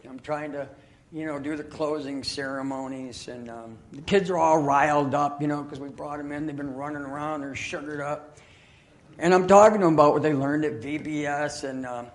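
A man preaching from the pulpit of a church, his voice sitting a little high for a man. He tells stories in a chatty, folksy way, pokes gentle fun at himself and leans on plenty of fillers. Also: slight background noise. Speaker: guest preacher. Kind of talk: sermon with storytelling. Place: church sanctuary.

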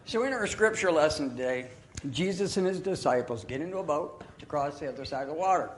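A man preaching from the pulpit of a church, his voice sitting a little high for a man. He tells stories in a chatty, folksy way, pokes gentle fun at himself and leans on plenty of fillers. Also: animated, fairly quick, a little hiss or hum. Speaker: guest preacher. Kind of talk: sermon with storytelling. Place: church sanctuary.

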